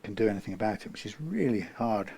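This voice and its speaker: A man working as a guitar technician who muses aloud while he works, rambling and often trailing off into quiet muttering. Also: fairly low pitch, expressive, quick pace, gravelly.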